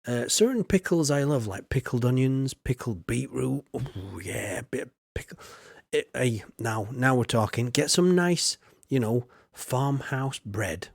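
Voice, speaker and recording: A man's voice: mid-range voice, darkish tone, dry recording. A man chatting casually while streaming a farming game, rambling and mocking himself. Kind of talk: casual gameplay chat.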